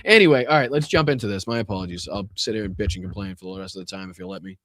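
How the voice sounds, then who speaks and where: A man hosting a live political podcast, ranting angrily and swearing, swinging between loud outbursts and low muttering, with a Boston accent. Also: very fast, a little hiss or hum. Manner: profane, exasperated, swings from shouting to muttering. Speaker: podcast host. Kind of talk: angry livestream rant.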